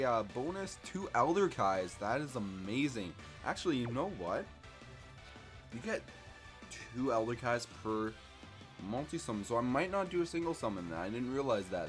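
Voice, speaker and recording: A young man narrating his mobile game pulls at a middle pitch, talking casually one moment and yelling with excitement the next. Faint game music plays under his voice. He sounds a little out of breath. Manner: hyped, screams when he pulls rare cards. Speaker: gaming YouTuber. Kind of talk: excited gacha summon commentary.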